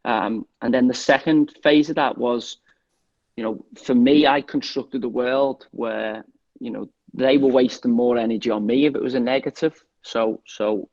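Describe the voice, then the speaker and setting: A man's voice: mid-range voice, a little mellow, lo-fi sound. A man from England, a former footballer, talking as a guest in a casual interview, rambling with restarts and lots of "you know".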